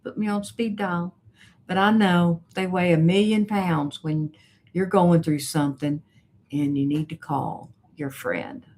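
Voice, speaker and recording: A woman hosting a casual live stream as a coach, reading viewer comments aloud in a chatty, unhurried way with soft laughs. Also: lowish voice, fairly even intonation.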